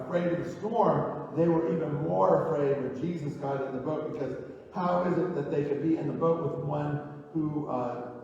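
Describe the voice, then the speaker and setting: A male pastor preaching a sermon in a church, talking in a conversational way with restarts and dropping low and quiet on key phrases. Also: gravelly. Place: church sanctuary. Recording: echoey church hall, distant mic, dull and lo-fi.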